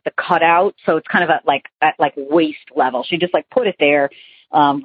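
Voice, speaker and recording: Animated woman caller, dull lo-fi line. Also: low voice, husky, dry recording. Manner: rambling, chatty, animated retelling with many fillers. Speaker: caller telling a ghost story. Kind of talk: casual phone-in storytelling.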